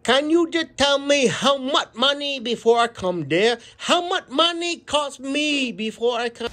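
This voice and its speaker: A woman putting on a fussy, outraged customer with a put-on Chinese accent. She talks in broken English and repeats herself, and her voice is highish and swings up and down a lot. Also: animated, measured pace, a bit bright. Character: angry haggling restaurant customer, fussy.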